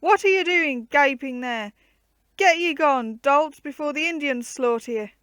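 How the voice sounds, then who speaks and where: Woman putting on a burly knight, roaring and old-fashioned, loud and forceful; storybook reading. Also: fairly high pitch, steady tone, moderate pace, dry recording, natural voice. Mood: alarmed, roaring. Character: burly gruff middle-aged male knight.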